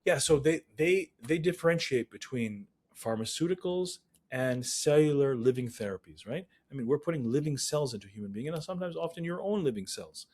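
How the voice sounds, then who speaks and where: A male physician, a guest in an interview, telling stories in an animated, emphatic way. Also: a little high, fairly quick, hardly any pauses. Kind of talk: interview storytelling.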